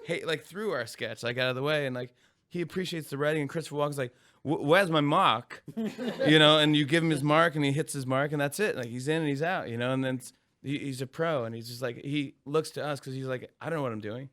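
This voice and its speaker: A man in his forties with a bright, sharp voice tells animated stories in an interview. He acts out little voices as he goes and laughs often. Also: medium pitch, fast. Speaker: comedian guest. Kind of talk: casual interview chat.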